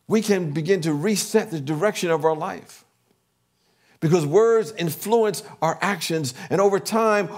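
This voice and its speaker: Middle-aged male pastor, slightly high voice, earnest sermon delivery. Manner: earnest, builds up energy on repeated affirmations.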